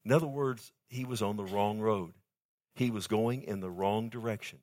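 Guy preaching a sermon, emphatic, drops quiet then gets loud, keeps asking the room to respond. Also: fairly low pitch, moderate pace. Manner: emphatic, swings between soft and loud, asks the congregation for response.

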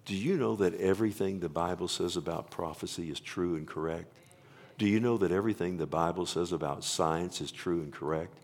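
A man's voice: sits low, darkish tone. A man preaching a sermon to a congregation. He stresses scripture and calls out "Amen?" to the listeners. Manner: preaching with rising emphasis, slowing to stress scripture. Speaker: pastor.

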